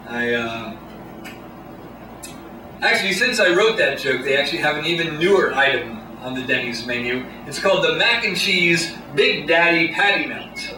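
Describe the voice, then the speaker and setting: Dry halting comic guy, lively up-and-down voice, mic kinda far off in a roomy club. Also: fairly high pitch. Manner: deadpan, halting delivery with many pauses. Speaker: stand-up comedian. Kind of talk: stand-up set. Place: small comedy club stage. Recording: echoey room, distant mic, noisy. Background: audience laughter.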